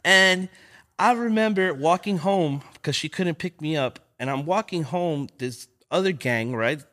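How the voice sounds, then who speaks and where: A man's voice: on the high side, measured pace. A young man from Los Angeles telling street stories in casual chat, acting out voices as he goes. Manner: animated, acts out voices in stories. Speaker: guest. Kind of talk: casual storytelling.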